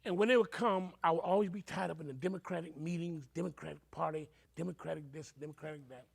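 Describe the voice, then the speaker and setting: Older preacher guy telling his story, kinda high voice, gets emotional, does voices. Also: fairly even intonation, fast, vocal fry, husky. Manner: emotional, acts out quoted voices. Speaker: reverend. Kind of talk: personal storytelling.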